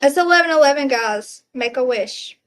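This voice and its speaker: A woman's voice: high voice, animated, normal speed, fairly bright tone. A woman hosting a casual livestream, chatting to viewers, reading out their comments and exclaiming at what they send. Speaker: livestream host.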